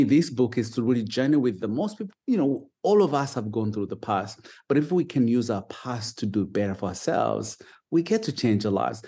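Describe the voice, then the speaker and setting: A man with a Ugandan British accent speaks earnestly and warmly as an interview guest. His pitch sits in a middle range, and he keeps an upbeat, open tone. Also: breathy edge. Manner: earnest, upbeat, with small restarts. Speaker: guest, foster dad and advocate. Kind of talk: conversational interview.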